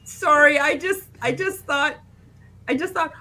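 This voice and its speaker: A woman's voice: sits high, measured pace, sharp tone. A woman guest on a live stream, chatty and self-deprecating as she tells a joke over a video call.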